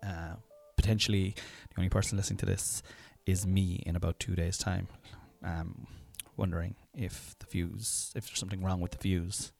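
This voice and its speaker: A man's voice: low-pitched, flat delivery, moderate pace, gravelly, few pauses, darkish tone, no room sound, faint music behind. A middle-aged Irish man hosting a comedy podcast, rambling and self-mocking with lots of fillers. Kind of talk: casual comedy podcast chat.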